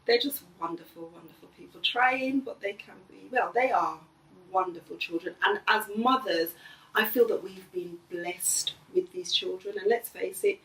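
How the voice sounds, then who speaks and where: A middle-aged woman, the host's mother, talking gently and earnestly in a casual family conversation. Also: mid-range voice, moderate pace, recorded from a distance. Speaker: mother of the host. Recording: echoey room, voice a bit off-mic.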